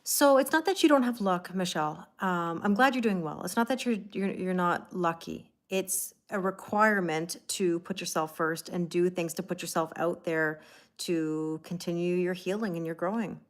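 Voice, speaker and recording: A woman's voice: fairly low pitch, normal speed. A woman giving a casual live tarot reading. She chats in a rambling way, greets viewers by name and often fills gaps with "like". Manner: heavy use of "like" and restarts. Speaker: tarot reader.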